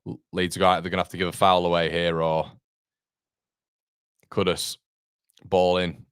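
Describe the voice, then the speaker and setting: A man's voice: sits low, level tone, normal speed, clear, resonant tone, no echo, clean studio sound. A man hosting a fan watchalong, calling the match live play by play and answering viewer chat, with partisan exasperation. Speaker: fan channel host.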